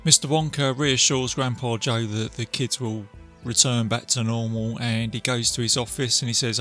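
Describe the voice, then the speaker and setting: A man's voice: medium pitch, fairly even intonation, moderate pace, sharp tone, faint music behind. A man casually retelling a film's plot, rambling and full of fillers. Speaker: film reviewer. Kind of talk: casual film recap to camera.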